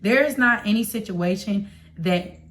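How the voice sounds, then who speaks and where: A young woman from Chicago with a Chicago accent, telling a personal story to her viewers in a confiding, slangy, animated way. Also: mid-range voice, a little slow. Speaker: vlogger. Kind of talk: storytime vlog.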